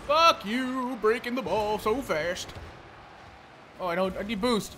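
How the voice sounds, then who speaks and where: Young dude streaming a game, super lively high voice, cussing at his teammates nonstop. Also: slow, long pauses, slight background noise. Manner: frustrated, swearing, yelling at teammates. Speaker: gameplay streamer. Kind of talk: live gameplay commentary.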